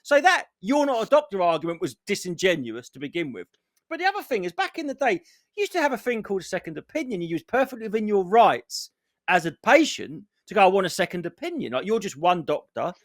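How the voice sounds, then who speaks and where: Animated high-voiced sweary man. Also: quick pace, dry recording, clean studio sound. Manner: sweary, ranting, mimics other people. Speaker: podcast co-host. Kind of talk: casual comedy podcast rant.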